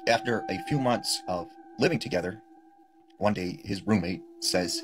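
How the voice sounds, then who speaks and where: Deep-voiced man telling a creepy story. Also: normal speed, background noise. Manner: casual, filler-heavy storytelling. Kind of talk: spoken scary story telling. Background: music.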